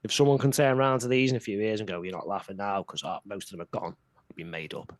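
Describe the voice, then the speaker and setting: A man's voice: fairly low pitch, animated, fast talker, no echo. A man co-hosting a casual political chat, blunt and heated. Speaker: podcast co-host.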